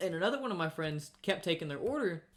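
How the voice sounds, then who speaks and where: Animated podcast storyteller, jumpy quoted voices. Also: mid-range voice, fast. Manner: animated, acts out customers' lines in jumpy put-on voices; laughs between lines. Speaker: podcast co-host. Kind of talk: casual storytelling chat.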